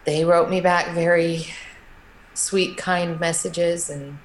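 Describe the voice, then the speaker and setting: A middle-aged woman recounts a personal story as an interview guest, her voice sitting a little low. She talks in a halting, emotional way, often restarting her sentences. A faint hiss of noise runs under the recording. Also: steady tone, poor audio.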